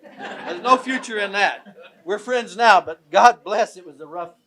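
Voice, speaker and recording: An older man from southern Illinois speaks as a guest at a tribute event, delivering an after-dinner speech full of jokes and stories in an event room. His voice is high-pitched, animated, unhurried and a bit bright, and his manner is folksy, joking and self-deprecating.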